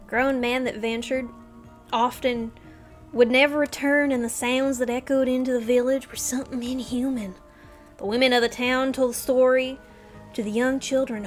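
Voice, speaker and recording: A young woman streaming from home, reading a game's dialogue aloud into a desk mic with lively swings between loud bursts and quiet storytelling. Her voice sits a little high, with faint game music under it.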